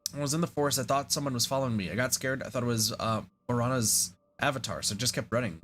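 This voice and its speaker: A man's voice: mid-range voice, quick pace, fairly bright tone, a little hiss or hum, lightly acted. A man reading aloud the lines of a small, frightened, apologetic boy in his own plain voice. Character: small boy, sorry and scared.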